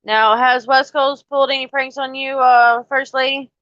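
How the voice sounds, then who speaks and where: A blunt, salty woman with a slightly higher voice hosts a casual live chat. The sound is dry and a little muffled, like lo-fi stream audio. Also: steady tone, normal speed, fairly bright tone, dry recording. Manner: blunt, salty, speaks firmly to her dogs.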